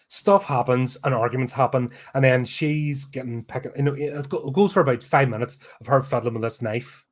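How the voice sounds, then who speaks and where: Sarcastic Belfast man ranting about films. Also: mid-range voice. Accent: Northern Irish, Belfast. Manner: blunt, sarcastic, sweary. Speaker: podcast host, film reviewer. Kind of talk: casual film review rant.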